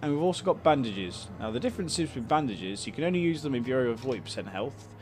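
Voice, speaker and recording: A man's voice: medium pitch, very animated, fast talker, slight background noise. A man casually commenting on a video game he is playing, reading its text aloud with joking asides. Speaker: let's play host.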